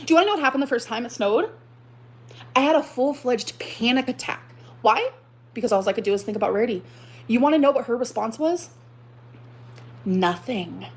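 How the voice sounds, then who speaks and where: A woman's voice: on the high side, lively intonation, fairly quick, pauses often. Woman venting angrily on a livestream. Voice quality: exaggerated dramatic repetition. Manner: profane, aggrieved, rising to outbursts. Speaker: livestreamer telling her story.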